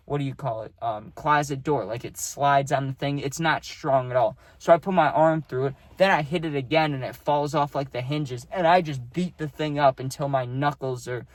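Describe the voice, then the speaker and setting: A young man tells a personal story loosely and profanely, rambling with lots of fillers. His voice is medium-pitched, and the recording is dry and close to the mic.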